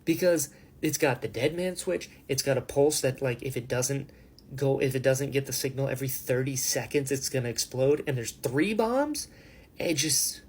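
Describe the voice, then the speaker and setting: A man giving a casual, excited reaction recap of a fantasy novel, swearing freely and slipping into quick character voices. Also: mid-range voice, breathy edge. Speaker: book reviewer.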